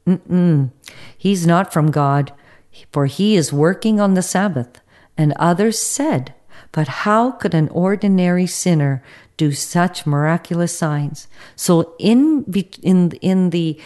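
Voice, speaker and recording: Woman, Bible teaching broadcast, low voice, mellow tone, casual asides and restarts. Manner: reads scripture aloud with asides, fillers and restarts.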